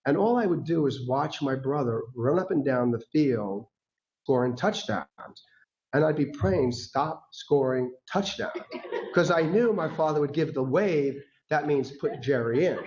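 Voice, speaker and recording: A man giving a talk as a guest speaker, telling personal stories in a lively way, acting out the voices of people he quotes and laughing often. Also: fairly high pitch. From United States. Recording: dull lo-fi recording.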